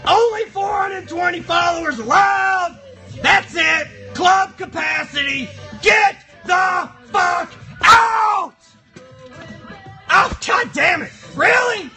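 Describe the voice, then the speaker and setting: A man's voice: very high-pitched, bright, forceful tone, full character voice. A man voicing a rowdy, foul-mouthed cardboard box monster, bantering crudely with a live stream chat.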